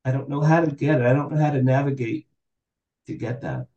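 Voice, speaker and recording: 60s guy telling stories on a podcast, mellow dark voice, plays out every quote, roomy echo. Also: mid-range voice, a little fast, dull audio. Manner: animated, acts out quoted dialogue. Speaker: podcast guest. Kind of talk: candid storytelling interview.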